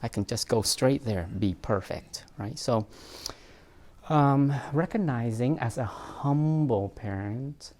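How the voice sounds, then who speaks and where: A man's voice: mid-range voice, animated, slow pace, a little mellow. A man, a therapist, giving an informal talk on parenting, reflective and self-mocking, with frequent fillers and laughs.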